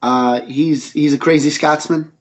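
A man's voice: on the high side, steady tone, unhurried, breathy edge. A man who creates comic books, chatting as a podcast guest, rambling and enthusiastic, with many restarts. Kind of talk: casual interview chat.

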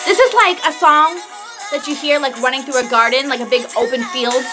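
A woman's voice: sits high, a little fast. A young woman gushing and exclaiming as she reacts to an album, swearing often as she talks. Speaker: music reaction vlogger. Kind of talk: excited music reaction. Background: faint pop music playing.

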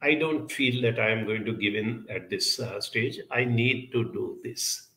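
Gravelly, earnest male counsellor. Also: lowish voice, measured pace, bright, forceful tone, roomy sound. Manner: earnest, advisory, with frequent hesitations. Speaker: counsellor giving a talk. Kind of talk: talk answering audience questions.

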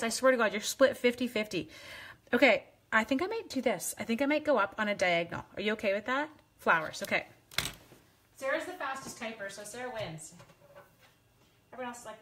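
A woman's voice: fairly high pitch, animated, brisk, fairly bright tone. A woman hosting a live craft demonstration, chatting playfully with viewers and teasing herself as she works. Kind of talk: casual live craft demo.

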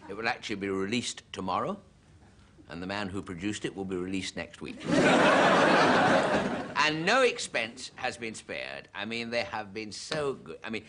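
A man tells jokes in a wry, deadpan way, his low voice rising and falling a lot. Loud audience noise sits under the whole recording. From Britain. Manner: jokey, self-mocking, deadpan delivery. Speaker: comedian. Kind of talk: stand-up monologue. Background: studio audience laughter.

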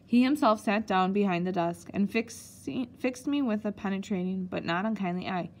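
Woman audiobook reader, relaxed storybook narration. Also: mid-range voice. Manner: unhurried reading with small slips.

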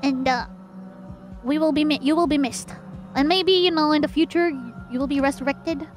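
A young woman streaming a game, swinging between mock-solemn eulogies and loud panic. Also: sits high, normal speed. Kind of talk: live game stream commentary. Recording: game music playing behind.

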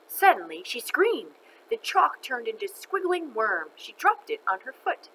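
Expressive woman reading a children's book aloud, bright voice. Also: fairly high pitch, moderate pace, a little hiss or hum, rough recording. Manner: expressive, animated, laughs between lines. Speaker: storyteller.

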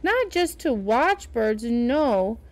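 A woman's voice: on the high side, sing-song, very slow, heavily acted. Harriet, a woman voicing an earnest cousin. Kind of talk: storybook read-aloud.

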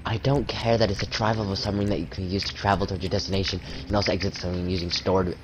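A man's voice: sits low, little pitch movement, rapid-fire. A man playing a video game with a friend, chatting casually and swearing bluntly about the game. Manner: swears freely, blunt complaints. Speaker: gamer. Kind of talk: casual gaming chat. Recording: loud background noise.

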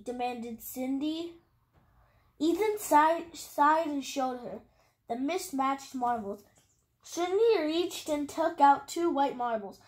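A woman reading a picture book aloud in a careful, halting way. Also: high-pitched, expressive. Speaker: storybook reader.

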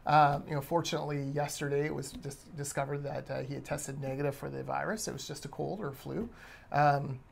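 A man's voice: fairly high pitch, fairly even intonation, fairly quick, vocal fry, slight background noise. A man co-hosting a casual discussion podcast, giving pointed, conversational commentary. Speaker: podcast co-host.

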